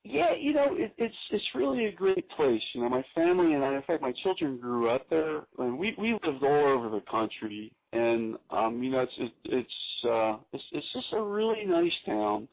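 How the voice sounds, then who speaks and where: A man from Philadelphia chats as a guest musician, telling stories in an animated way and laughing often. His voice is gravelly and husky. It comes through a thin, phone-like radio line. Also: medium pitch, normal speed, few pauses. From Philadelphia, USA. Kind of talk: casual interview storytelling.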